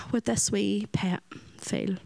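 A woman's voice: mid-range voice, fairly even intonation, very slow, vocal fry, no room sound, rough recording. A Northern Irish woman who runs a children's home, giving an earnest faith testimony and acting out the voices of the people in her story. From Northern Ireland. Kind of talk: personal faith testimony talk.

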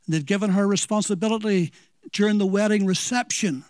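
A man's voice: high voice, fairly quick, darkish tone, dry recording, studio quality. A man with a Northern Irish accent preaching a sermon, telling it as an earnest story and asking the listeners questions.

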